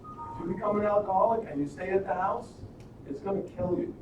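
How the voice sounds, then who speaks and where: High-voiced man talking in an echoey room. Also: brisk, lo-fi sound. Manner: animated, rambling, with frequent restarts and rhetorical questions. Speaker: live stream host. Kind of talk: casual storytelling and motivational talk. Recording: echoey room, distant mic, noisy.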